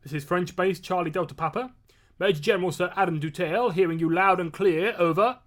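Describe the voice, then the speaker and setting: A man's voice: sits high, fairly quick, a bit bright, pitched above the performer's own voice. A man voicing an old British major general, hearty and officious, speaking over a field radio. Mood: hearty, booming.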